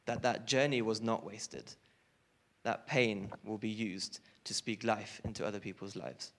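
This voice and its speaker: A man's voice: on the low side, measured pace, fairly bright tone. A young man giving an earnest personal testimony in a church talk, his voice rising when he stresses a point. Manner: earnest, rises with emotion on key points. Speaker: speaker sharing a testimony.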